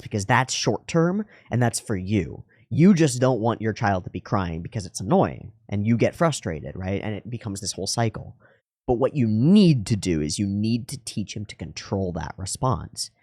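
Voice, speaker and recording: A man with a fairly low, slightly mellow voice hosts an anime reaction video, offering reflective commentary. He thinks aloud earnestly and muses, often restarting his sentences. The recording is dry and studio quality.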